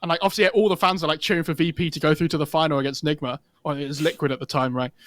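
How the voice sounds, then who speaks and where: A slightly high-pitched man casts an esports match live, chatting casually and rambling with plenty of fillers. His voice sits close and dry on a headset mic. He sounds relaxed, like he's hanging out with a co-caster. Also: rapid-fire, no echo. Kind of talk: casual live commentary chat.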